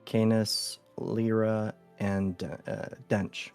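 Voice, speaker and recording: A man playing a tabletop game, speaking very slowly in a low, mellow voice. He explains rules in a measured, calm way. Faint music runs underneath. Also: clean tone. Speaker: player.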